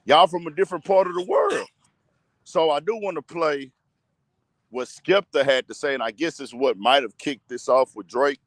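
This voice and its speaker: A man's voice: fairly high pitch, normal speed, no room sound. A man with a Texas accent hosting a casual commentary show, ranting emphatically and addressing his audience directly. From Texas, USA.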